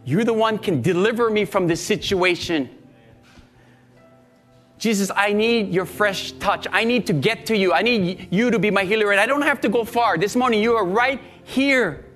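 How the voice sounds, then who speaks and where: A man's voice: high-pitched, normal speed, a bit bright, soft background music. A male pastor leading an earnest, pleading prayer during a sermon, often repeating his phrases. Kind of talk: sermon and altar-call prayer.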